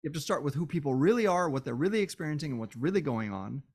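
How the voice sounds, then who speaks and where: A man's voice: fairly high pitch, animated, quick pace, a little mellow, breathy edge. Tired, impassioned male podcast host. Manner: impassioned, repeats phrases for emphasis. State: tired and worn down. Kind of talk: solo podcast monologue.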